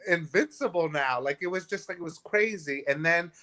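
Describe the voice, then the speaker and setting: Bright-voiced man telling his story. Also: a little high, a little fast. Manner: animated, acts out other people's voices, many "like"s. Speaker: guest author. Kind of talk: candid storytelling. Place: restaurant.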